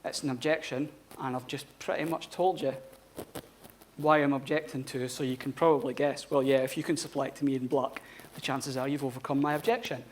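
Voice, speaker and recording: A man's voice: mid-range voice, fairly even intonation, fairly quick, slight background noise. A man giving a live conference talk in a blunt, informal manner, swearing freely. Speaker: conference speaker. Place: conference hall.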